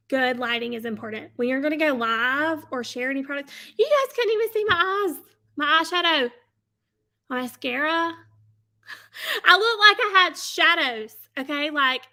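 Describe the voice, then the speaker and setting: High bright-voiced woman coaching casually. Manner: chatty, tags nearly every sentence with "okay?"; upbeat and laughing often. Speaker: host coaching online sellers. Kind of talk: casual live-stream coaching. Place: home office at a desk.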